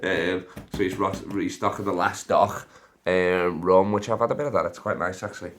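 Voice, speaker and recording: Low-voiced sweary lad. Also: male voice, fairly even intonation, normal speed. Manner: sweary, laughs often, jumps between topics. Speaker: podcast host. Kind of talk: rambling casual chat.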